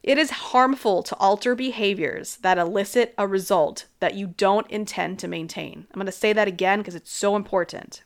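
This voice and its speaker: A woman's voice: mid-range voice, normal speed, few pauses. A woman in her thirties talking alone as a host in a casual way about health and habits, frank and chatty, filling her speech with "like" and laughing often.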